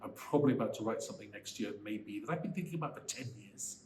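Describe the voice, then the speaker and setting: A man's voice: fairly low pitch, fast. Welsh screenwriter guy in his 60s, worked up and emphatic, echoey room w faint hiss. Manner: animated, emphatic, ranting in bursts. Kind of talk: interview answers. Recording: roomy echo, faint background noise.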